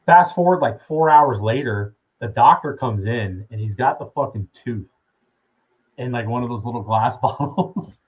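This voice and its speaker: Husky man telling a rambling story. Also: medium pitch, normal speed, muffled recording. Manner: profane, rambling with many fillers. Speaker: podcast guest. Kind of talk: casual storytelling.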